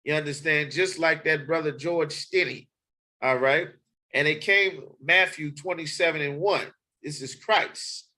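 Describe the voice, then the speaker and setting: Male preacher, bright high voice, insistent and repetitive, reads verses between points. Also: measured pace, rough recording. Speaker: street preacher. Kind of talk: sermon with scripture reading.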